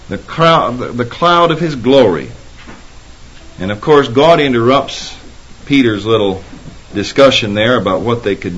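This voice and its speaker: Male preacher, emphatic sermon delivery, dull lo-fi tape with faint hiss. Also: medium pitch. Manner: emphatic, rises when quoting Scripture.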